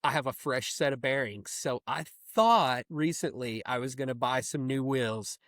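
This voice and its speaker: A man co-hosting a metal podcast, telling stories in an animated, chatty way with frequent laughter. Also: medium pitch, normal speed, no room sound, studio quality. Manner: animated storyteller, laughs often. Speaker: podcast co-host. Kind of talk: casual chat.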